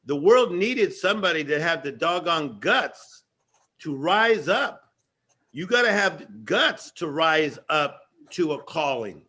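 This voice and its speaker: A man as guest giving an energetic motivational talk with a preacher-like rhythm and emphatic repetition. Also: fairly high pitch, slow, slightly rough. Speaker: guest speaker.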